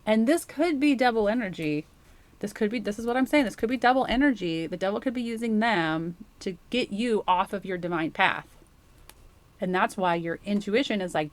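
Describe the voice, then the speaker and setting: A woman's voice: medium pitch, moderate pace. Woman tarot reader, casual and rambling, speaks directly to the viewer. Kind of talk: casual intuitive tarot reading.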